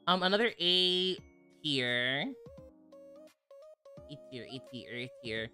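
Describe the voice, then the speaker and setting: Bright-voiced young woman streamer, animated. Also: extremely low pitch, soft background music. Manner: animated, profane, quick to laugh. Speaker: virtual streamer. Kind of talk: casual stream chat.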